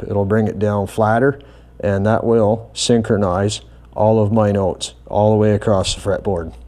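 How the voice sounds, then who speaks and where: A man with a low, mellow voice walks through a bass guitar setup. He is calm and methodical and explains each step plainly as he works. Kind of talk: hands-on tutorial explanation.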